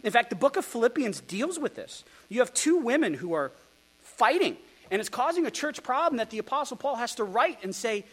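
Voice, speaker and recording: A male pastor preaching an expository sermon, animated and rhetorical, with ironic asides to his congregation. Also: very high voice, a little fast.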